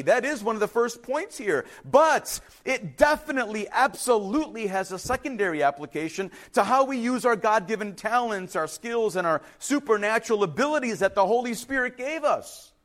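A male pastor preaching in an animated, storytelling style. His voice sits high and swings widely in pitch, and he repeats words for emphasis. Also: moderate pace, few pauses. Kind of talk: sermon.

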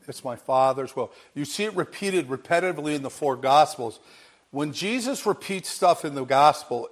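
Delivering a sermon with emphasis, a mid-range-voiced man repeats his phrases, moves from soft passages to loud ones, and laughs now and then.

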